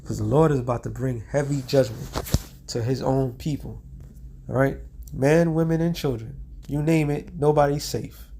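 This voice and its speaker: Slangy preacher man, medium-pitched voice. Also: vocal fry, noisy background. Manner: slangy, keeps asking "all right?"; reads scripture in a slowed, drawn-out cadence. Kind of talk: street sermon with scripture reading.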